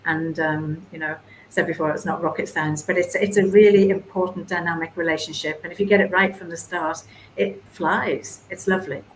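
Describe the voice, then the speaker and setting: Lower-pitched woman business coach, chatty and animated, recorded in a roomy echoey space. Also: moderate pace. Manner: chatty, animated, restarts often. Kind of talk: webinar panel answer. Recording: echoey room with faint noise.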